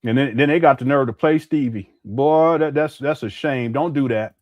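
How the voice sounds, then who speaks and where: A man's voice: mid-range voice, normal speed, lo-fi sound, soft background music. A man commenting casually on a live stream, laughing often and mocking what he plays.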